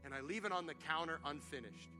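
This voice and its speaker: A man's voice: a little high, fast, music in the background. A man preaching a sermon to his church, mixing funny stories with rising, fervent calls to his congregation. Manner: humorous storytelling, building to loud preaching. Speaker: pastor.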